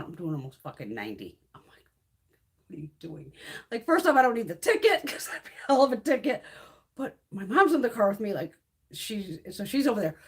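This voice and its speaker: A middle-aged woman tells a rambling, profane story on her livestream. Her fairly high voice swoops up and down with a lot of expression as she acts out each exchange. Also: husky. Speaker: beauty livestream host.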